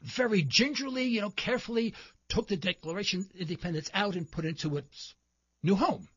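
Man, talk show host, impassioned rhetorical monologue, sharp tense tone, dry close sound. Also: high-pitched, brisk, husky, dry recording, highs cut off. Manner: impassioned, rhetorical, builds to indignant emphasis. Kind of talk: political commentary monologue.

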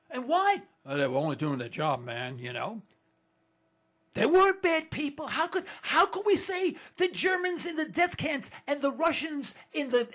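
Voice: extremely high pitch, fairly bright tone. A political commentator delivering an indignant monologue to listeners, full of rhetorical questions and stammered restarts.

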